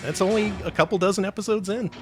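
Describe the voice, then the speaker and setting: A man's voice: high-pitched, fast, music in the background. A man streaming a watch party, joking, laughing and swearing in casual chat.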